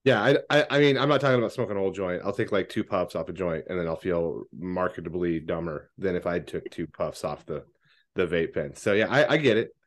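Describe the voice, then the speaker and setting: A man co-hosting a podcast, chatting casually and telling stories, swearing freely and loudly acting out quoted lines. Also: sits low, brisk. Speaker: podcast co-host. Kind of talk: casual chat, storytelling.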